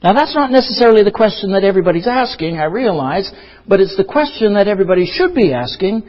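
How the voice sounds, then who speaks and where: A man's voice: high-pitched, big pitch swings, fast. A man preaching a sermon, earnest and emphatic, asking rhetorical questions and repeating key phrases. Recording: dull lo-fi recording with long hall reverb.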